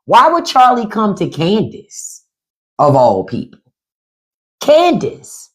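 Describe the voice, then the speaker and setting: A woman hosting a casual livestream, talking bluntly and profanely with animated delivery. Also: mid-range voice, takes it slowly. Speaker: podcast host on a livestream.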